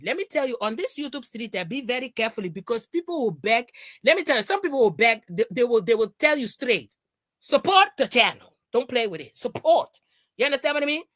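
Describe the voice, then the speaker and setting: Animated high-pitched woman ranting. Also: no echo, studio quality. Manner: mocking, animated, fake crying and singing impressions. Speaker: commentary streamer. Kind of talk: casual commentary rant.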